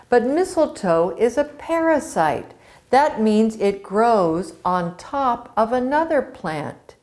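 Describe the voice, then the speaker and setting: A woman storyteller telling a myth to children in a slow, expressive way. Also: fairly high pitch.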